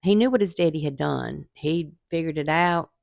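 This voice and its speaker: A woman's voice: low voice, normal speed, gravelly, darkish tone, no echo, studio quality. A woman, candidly and earnestly telling her own story in a casual vlog. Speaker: vlogger.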